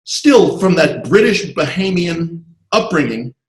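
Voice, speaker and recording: A man being interviewed about his screenwriting career, telling animated, digressive stories full of asides over a video call. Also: fairly high pitch, takes it slowly, reverberant, low-quality recording. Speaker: interview guest, screenwriter and comic artist. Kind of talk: casual anecdotal storytelling.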